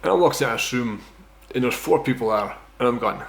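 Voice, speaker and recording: An animated, brisk Scottish man in his thirties tells a personal tale for a casual vlog in a gravelly, fairly bright medium-pitched voice. He meanders and swears a lot, mocks himself, and keeps asking "right?".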